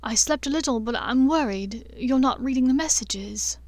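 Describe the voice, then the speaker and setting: A woman's voice: high voice, moderate pace, dry recording. A woman voicing a worried young woman leaving anxious, frantic messages in a fan-fiction audiobook.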